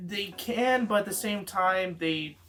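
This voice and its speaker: A man's voice: high-pitched, a little slow, a bit bright. A man from Georgia, co-hosting a cruise vlog and chiming in with jokes and short remarks. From Georgia, USA. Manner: joking, chimes in with short remarks. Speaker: vlog co-host. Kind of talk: casual travel vlog chat. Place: cruise ship cabin.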